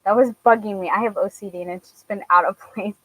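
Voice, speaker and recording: A young woman chats casually with her viewers, stopping often with fillers. She laughs easily and talks in a relaxed, everyday voice of middling pitch. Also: quick pace, no echo, poor audio. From Washington, US. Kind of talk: casual chat answering viewers.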